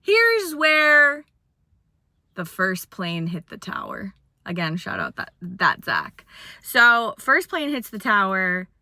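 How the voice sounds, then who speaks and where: A woman's voice: mid-range voice, huge pitch swings, slow, sharp tone, dry recording, studio quality. A young woman in her twenties telling a funny dating story in casual chat, with dramatic retelling and sudden acted quotes.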